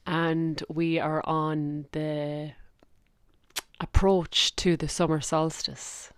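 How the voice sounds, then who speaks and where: Slow, low-voiced Irish country woman. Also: flat delivery, clean tone, no room sound, clean studio sound. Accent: Irish, Kilkenny country. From Ireland. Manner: gentle, heartfelt, slow and soothing with soft laughs. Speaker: podcast host. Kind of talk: spiritual podcast with guided meditation.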